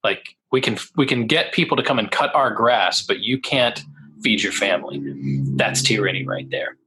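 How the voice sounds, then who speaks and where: A man's voice: fairly low pitch, moderate pace, noisy background. A man co-hosting a podcast in easygoing casual chat, often laughing along. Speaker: podcast co-host.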